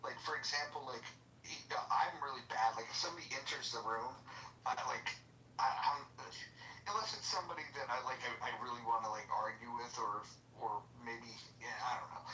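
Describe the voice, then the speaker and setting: A man's voice: medium pitch, fairly even intonation, a little fast, sharp tone. A man hosting a live debate room in casual chat, hesitant and full of fillers and restarts. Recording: roomy, distant, faint noise.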